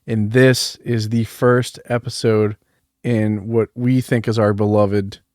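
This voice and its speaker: A man's voice: on the low side, flat delivery, takes it slowly, darkish tone, no room sound, clean studio sound. A man hosting a horror movie podcast in loose, rambling casual chat. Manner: laid-back, rambling, lots of fillers. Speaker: podcast host.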